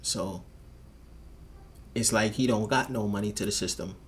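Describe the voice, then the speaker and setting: A man hosting a reaction video, talking in profane street slang with animated outbursts. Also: fairly low pitch, a little slow. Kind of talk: casual commentary over a clip.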